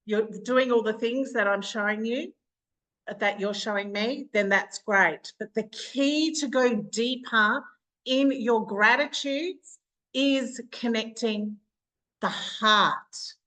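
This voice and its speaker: A woman's voice: on the high side, takes it slowly, pushed and bright, rough recording. An Australian woman with a bubbly, chatty manner who laughs often, leading a live online training session as a business coach over a video call.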